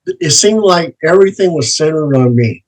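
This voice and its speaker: A man who investigates the paranormal, telling ghost stories slowly and dramatically as an interview guest. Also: fairly high pitch, lively intonation, poor audio. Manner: slow, dramatic storytelling with drawn-out words. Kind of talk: storytelling in an interview.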